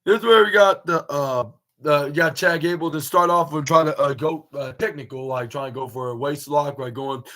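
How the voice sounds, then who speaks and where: A young man talks through a wrestling match move by move in a loose, casual podcast recap. His voice sits a little higher than most men's, and he stumbles through fillers and restarts as he goes. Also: moderate pace, bright, forceful tone, poor audio. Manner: rambling, many fillers and restarts. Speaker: podcast host reviewing wrestling. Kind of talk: casual recap, play-by-play retelling.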